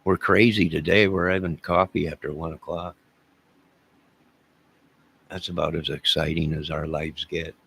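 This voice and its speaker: Older male streamer, deep gravelly voice with a husky edge, rambling and jokey, chatting with viewers. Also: steady tone, unhurried, pauses often, a bit bright. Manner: rambling, joking, talks to chat viewers by name. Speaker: livestream host reading chat. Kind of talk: casual livestream chat.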